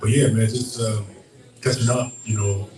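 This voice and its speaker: A man's voice: fairly low pitch, steady tone, moderate pace, roomy sound, distant mic, a crowd in the background, poor audio. A man hosting a podcast in casual chat, laid-back and full of fillers like "you know". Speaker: podcast host.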